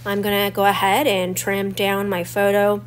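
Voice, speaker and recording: A woman in her forties talks through a crafting tutorial in a chatty, explanatory way. Her voice sounds stuffy and a little crackly from a cold. Her pitch sits in a middle range, and a faint hum runs underneath. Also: completely flat delivery, moderate pace. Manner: chatty and explanatory, walking through each step. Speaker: scrapbooking channel host.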